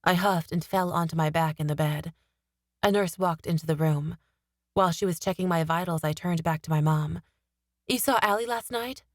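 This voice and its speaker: A woman narrating a fantasy novel in the first person, steady and expressive, on a studio mic. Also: sits low, moderate pace, dry recording. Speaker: audiobook narrator.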